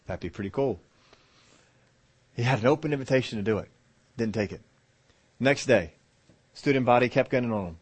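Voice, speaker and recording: A male pastor preaching a sermon, telling a story quietly and then building to loud, emphatic preaching. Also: medium pitch, normal speed, pauses often, slightly rough.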